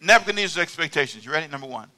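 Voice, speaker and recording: Animated preaching man, bright voice. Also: on the high side, very fast. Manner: animated, conversational preaching with call-and-response. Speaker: pastor. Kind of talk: sermon. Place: church sanctuary.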